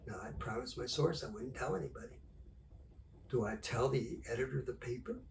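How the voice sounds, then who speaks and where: Older man, gravelly voice, lively storyteller, heard from a distance with faint hiss. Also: medium pitch, brisk. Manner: animated anecdotal storyteller, acts out dialogue. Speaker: journalist and author. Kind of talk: storytelling talk.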